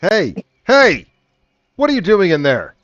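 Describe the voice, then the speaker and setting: A man's voice: a little high, expressive, normal speed, highs cut off, pitched above the performer's own voice, lightly acted. A man voicing a stern, suspicious guard who questions a trespasser. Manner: barking, accusing.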